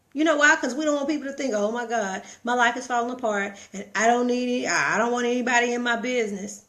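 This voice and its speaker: A middle-aged woman with a Texan accent talks to her live viewers in a preachy, motivational way. She circles back to the same points and keeps asking rhetorical questions. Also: mid-range voice. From Texas. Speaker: vlogger. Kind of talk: motivational live-stream monologue.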